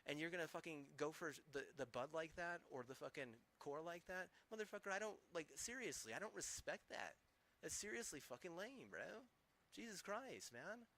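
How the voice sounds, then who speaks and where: A man's voice: a little high, expressive, normal speed, pushed and bright. A man streaming, ranting angrily with heavy swearing and rambling, restarting sentences. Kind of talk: angry profane rant.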